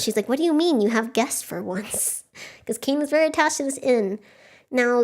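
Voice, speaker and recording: High-voiced young woman chatting about a book. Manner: chatty, laughs often, acts out characters' lines. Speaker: book club streamer. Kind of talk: casual book recap and chat.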